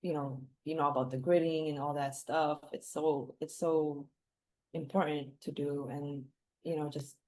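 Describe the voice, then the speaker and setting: Woman guest, low mellow voice, loose rambling talk full of fillers. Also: level tone, a little slow. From Philippines. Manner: rambling, many fillers and restarts. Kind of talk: reflective casual conversation.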